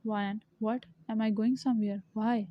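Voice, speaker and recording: A woman voicing a young call girl in a storybook reading, in a flat, even way. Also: on the high side, moderate pace, dry recording, close to an everyday voice. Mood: hurt. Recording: dull lo-fi recording.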